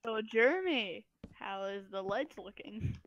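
A woman's voice: mid-range voice, animated, unhurried, fairly bright tone, lo-fi sound, slight background noise. A young woman playing a co-op game with a friend, teasing, punning and giggling. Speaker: co-op game partner. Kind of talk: casual gaming chat.

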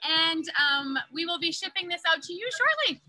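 A woman's voice: very high-pitched, animated, moderate pace, background noise. A bubbly woman host on a group call, announcing a prize winner and cheering.

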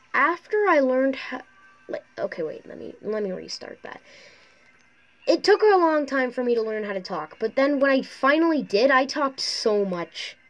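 A talkative woman giving rambling, chatty commentary while playing a mobile racing game, recorded on her phone's microphone. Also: fairly high pitch. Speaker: mobile gaming YouTuber. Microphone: phone mic through a screen recorder.

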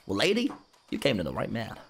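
A man putting on a loud, cheesy American accent as a brash streamer persona while playing a game. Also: lowish voice, huge pitch swings, fast, creaky, pitched below the performer's own voice, heavily acted. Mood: cocky. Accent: put-on American. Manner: loud, cheesy, over-the-top enthusiasm.

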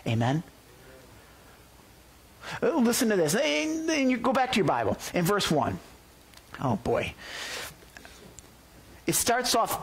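A man preaching a sermon as pastor, excitable and emphatic, often rising to near-yelling. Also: sits high, measured pace, pauses often, a little hiss or hum. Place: church, relayed to listeners by phone and online.

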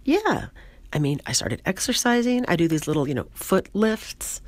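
A goofy, flirtatious woman chattering away in a raised, bouncy voice, as a hoarse woman reads her lines aloud. She is bubbly and excitable, and her tone swings widely from line to line. The voice underneath stays worn and hoarse. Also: medium pitch, normal speed, no room sound, pitched above the performer's own voice. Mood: chatty. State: hoarse, voice mostly lost.

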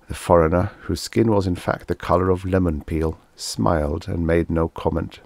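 A man narrating a vintage science fiction story in a steady, even storytelling manner. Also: low-pitched, moderate pace, creaky, dry recording. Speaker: audiobook narrator. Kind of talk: scripted narration.

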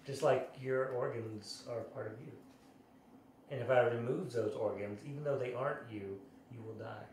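A man's voice: mid-range voice, normal speed, a little mellow, close to an everyday voice. A man playing a laid-back crystal genie. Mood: musing. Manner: easygoing, dry philosophical musing. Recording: echoey room, mic far off, clear background noise.

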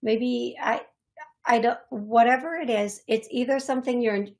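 A young adult woman hosting a psychic medium show, speaking in a halting, repetitive way with many fillers as she passes on messages to viewers. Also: fairly high pitch, fairly even intonation, a little mellow. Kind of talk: live-stream reading for viewers.

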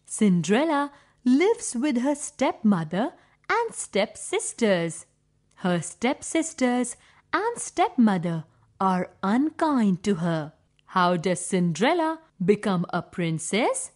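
Very slow woman storyteller for children. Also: mid-range voice, big pitch swings. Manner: clear, deliberate, simple phrasing. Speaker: storyteller for young pupils.

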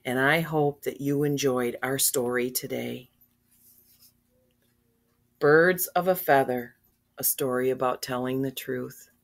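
Older woman, unhurried and gentle, reads picture books to kids and talks to them directly. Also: rumbling low, fairly even intonation, vocal fry. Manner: gentle, earnest, speaks directly to children with questions. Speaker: storyteller reading to children. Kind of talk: children's story read-aloud.

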